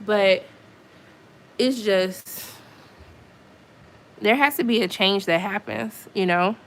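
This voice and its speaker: A woman with a mid-range voice talks slowly to viewers on a live stream from her apartment. Her casual chat turns into exasperated venting, full of asides.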